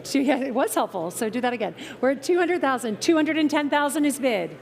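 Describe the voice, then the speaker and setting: High-voiced playful woman auctioneer. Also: expressive, gravelly, a little mellow, a faint crowd. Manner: brisk, playful patter with the bidders. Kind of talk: live auction calling. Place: auction tent at an outdoor car show.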